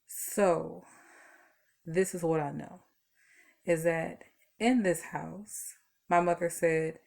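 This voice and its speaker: Tired woman with a gravelly voice. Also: low voice, fairly even intonation, takes it slowly, long pauses, darkish tone. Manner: chatty, rambling storytelling with fillers. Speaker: vlogger. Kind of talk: casual talk to camera. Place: at home.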